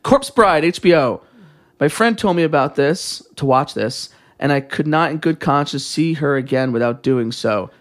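Animated, jokey man with a lively voice. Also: on the high side, moderate pace. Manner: animated and jokey, swears freely. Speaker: podcast co-host reading a listener email. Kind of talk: casual chat.

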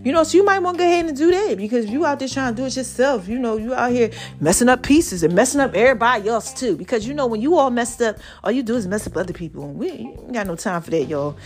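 Animated preachy woman vlogger. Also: fairly high pitch, fast, hardly any pauses, soft background music. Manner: animated, preachy, calls listeners baby and y'all. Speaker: vlogger giving motivational talk. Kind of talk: casual inspirational monologue to viewers.

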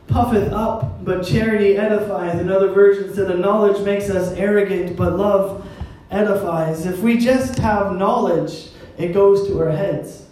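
A man's voice: high voice, fairly even intonation, unhurried, few pauses, darkish tone, slight background noise. A man preaching a sermon as pastor, in a conversational style with wry, self-deprecating asides. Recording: echoey hall, mic at a distance.

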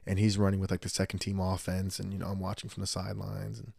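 A man in his thirties, hosting a casual chat and telling lively sports stories, acting out the quotes. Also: sits low, quick pace, gravelly, husky, dry recording, clean studio sound. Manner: animated storyteller, acts out quotes.

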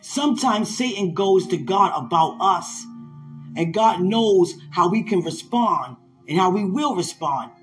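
Brief: emphatic male preacher, lifted voice, soft music behind. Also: sits high, expressive, unhurried. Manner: fervent, emphatic, laughs at times. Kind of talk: sermon-style podcast talk.

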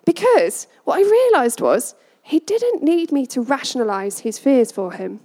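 A woman parent giving a personal storytelling talk, animated and laughing often as she acts out quotes. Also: high voice, measured pace.

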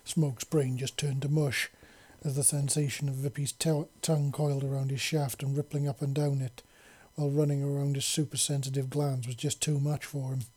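A man reads a story aloud in a calm, even pace. His voice is dark and mellow, with a husky, breathy grain. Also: mid-range voice, moderate pace. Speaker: narrator.

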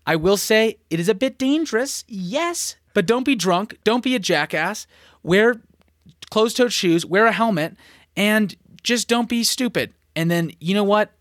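Hyped young man pitching travel tips. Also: animated, measured pace, a bit bright, no echo, clean studio sound. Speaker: podcast co-host. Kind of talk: casual podcast chat.

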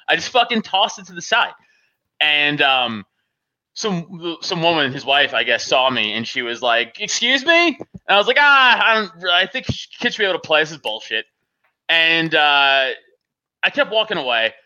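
A man with a high-pitched, very bright and cutting voice tells a rambling story, laughing and cursing often. The sound is a bit dull and lo-fi. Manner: laughs often, swears freely, animated. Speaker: podcast co-host telling a story. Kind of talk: casual profane storytelling.

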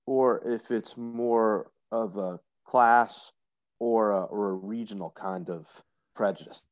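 Low-voiced man, chatty podcast guest. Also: slow pace. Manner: talkative, explanatory, opinionated. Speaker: guest commentator. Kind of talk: casual podcast chat.

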